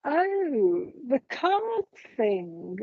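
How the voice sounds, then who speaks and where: A woman medium chats her way through a live reading, meandering and dotted with ums. Her voice sits a little high. The sound is dry and dull, like a lo-fi stream. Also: very animated, extremely slow, no room sound. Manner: chatty, meandering, relays messages with frequent ums. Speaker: psychic medium.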